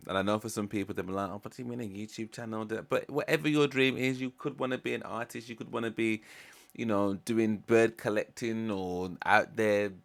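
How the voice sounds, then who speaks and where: A man hosting a music reaction, talking through his thoughts in a relaxed, rambling way with many fillers. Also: lowish voice. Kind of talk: casual reflective commentary.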